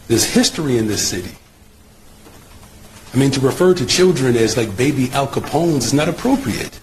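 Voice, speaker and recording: A man answering questions at a press conference, measured and insistent, breaking in to keep the floor. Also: medium pitch, animated, slight background noise, rough recording. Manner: measured, cuts in to hold the floor.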